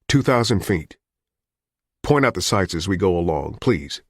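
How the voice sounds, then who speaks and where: A man voicing a guarded hijacker barking terse, firm orders in an audiobook thriller. The deep voice is a touch louder and higher than the narration, and the sound is dry and close. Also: sing-song, measured pace, husky, no echo, heavily acted. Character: tense, guarded male hijacker giving orders.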